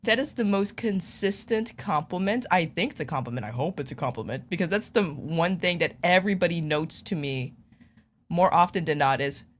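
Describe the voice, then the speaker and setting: Low-voiced woman chatting with a smooth radio-ready voice. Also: moderate pace, slight background noise. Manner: chatty and self-mocking, laughs often. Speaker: podcast co-host. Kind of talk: casual chat.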